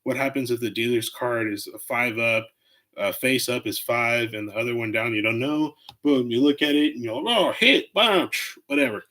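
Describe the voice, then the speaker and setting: A man hosting his own podcast, rambling in a loose, excitable, heavily profane way. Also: normal speed. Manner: rambling, profane, excitable, fillers like "boom" and "freaking". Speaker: podcast host. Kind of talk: casual solo podcast rant.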